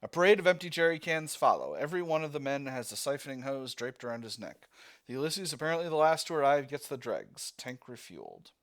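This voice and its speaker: A man's voice: mid-range voice, sing-song, fast talker, a bit bright. Man reading a text game aloud. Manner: reads narration, thinking aloud with fillers and restarts. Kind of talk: let's-play narration.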